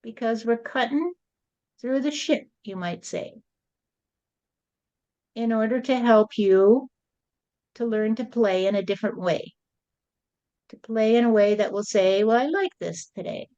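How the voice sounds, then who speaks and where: A woman's voice: a little high, measured pace, pauses often, warm tone, lo-fi sound. A woman channeling a spirit and speaking as God, blunt and lecturing, often adding "you see".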